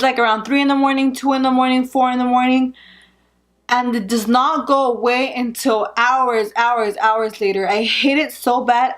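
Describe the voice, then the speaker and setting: A young woman, heavily pregnant, talks straight to her viewers in a casual update. Her voice sits a little on the high side, and she rambles candidly, often breaking into laughs. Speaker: vlogger.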